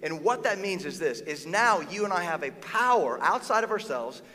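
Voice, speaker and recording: A man preaching a sermon as a pastor, conversational and animated, slipping into quoted voices. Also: high voice, normal speed. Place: church auditorium. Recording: long reverb of a church hall.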